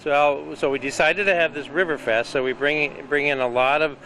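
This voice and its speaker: A man who chairs a town committee, explaining in a measured way with some restarts, in an outdoor interview. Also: fairly high pitch, fairly even intonation, sharp tone, a little hiss or hum, rough recording. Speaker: economic development chairman.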